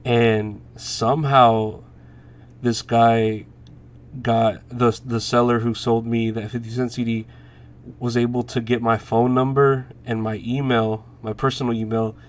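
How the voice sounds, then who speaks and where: A man's voice: medium pitch, level tone, unhurried. A man in his thirties hosting a podcast alone, rambling through stories with lots of swearing and laughs. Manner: rambling, profane, laughs while telling stories. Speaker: podcast host. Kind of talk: casual solo chat.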